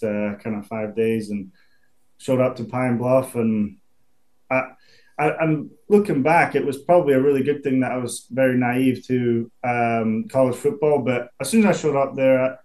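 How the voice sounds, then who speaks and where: A man's voice: mid-range voice, a little mellow. A young man with a Scottish accent, a football punter in a casual interview, easygoing and often repeating words as he thinks. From Scotland.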